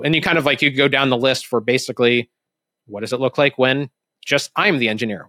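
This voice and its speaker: A man's voice: mid-range voice, fairly bright tone, no room sound. A man talking as a podcast guest in casual interview style, rambling with many fillers and restarts. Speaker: podcast guest, former CEO.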